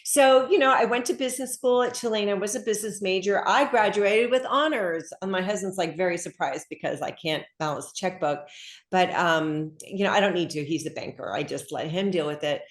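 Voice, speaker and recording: A middle-aged woman author, chatting in an interview over a video call, animated and full of fillers. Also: medium pitch, a little fast. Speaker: author guest. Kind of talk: casual interview chat. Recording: echoey room.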